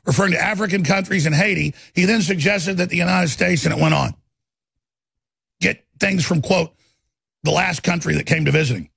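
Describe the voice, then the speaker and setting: A man hosting a talk radio show, ranting angrily and emphatically, pitching products between tirades. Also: gravelly, a bit bright, husky, no echo, clean studio sound. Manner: angry, emphatic, repetitive ranting.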